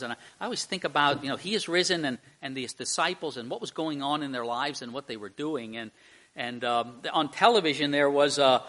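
Male pastor, fairly high, bright voice, relaxed conversational sermon full of restarts. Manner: conversational, with frequent restarts and repeated words.

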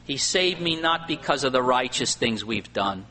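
A male pastor preaching a sermon, swinging between loud emphatic lines and quiet asides. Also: medium pitch, animated, normal speed. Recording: faint hum and long hall reverb.

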